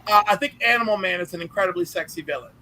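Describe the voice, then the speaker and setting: Casual co-host, female, teasing and playful, bright voice. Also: fairly low pitch, very fast, low-quality recording. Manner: playful, flirty about characters. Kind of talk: casual chat.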